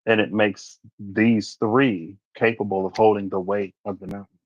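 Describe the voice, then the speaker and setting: A man's voice: lowish voice, steady tone, normal speed, no room sound. A man giving a casual tarot reading, thinking aloud and wandering into asides. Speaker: tarot reader. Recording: dry, slightly muffled recording.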